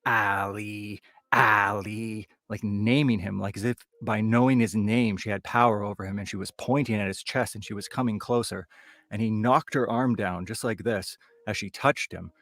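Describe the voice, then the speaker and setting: A man's voice: fairly low pitch, steady tone, moderate pace, no echo. A man from the Toronto area telling a ghost story in a loose, conversational way that builds suspense. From Toronto area, Canada. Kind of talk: live comic storytelling.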